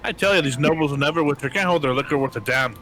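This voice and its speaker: A man voicing a rough male companion who scoffs and teases. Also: on the high side, racing, bright, forceful tone, slight background noise. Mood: mocking. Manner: scoffing, teasing.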